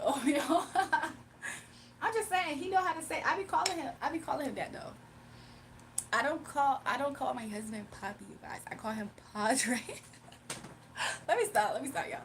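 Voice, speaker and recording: A young woman with a fairly high voice chats playfully on a livestream, laughing and talking straight to her viewers. She sits a little back from the mic, with faint room noise behind her. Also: distant mic. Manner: playful, laughing, talks to chat. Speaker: livestream host. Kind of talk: casual livestream chat.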